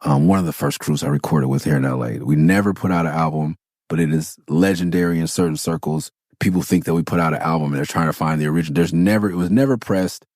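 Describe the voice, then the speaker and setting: A man in his forties from Los Angeles, hosting a podcast and telling stories in an animated, profane way. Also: a bass voice, quick pace, no echo, clean studio sound. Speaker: podcast host. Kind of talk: casual storytelling.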